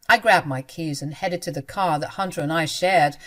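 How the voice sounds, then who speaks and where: A woman narrating a first-person story in an expressive, dramatic storytelling manner. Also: sits low, moderate pace, hardly any pauses.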